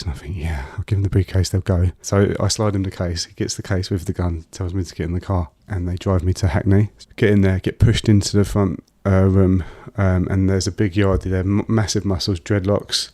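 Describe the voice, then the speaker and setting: Deep, flat-voiced man recounting his past. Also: dry recording, studio quality. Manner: halting, many fillers and restarts. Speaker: guest. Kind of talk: personal storytelling in an interview.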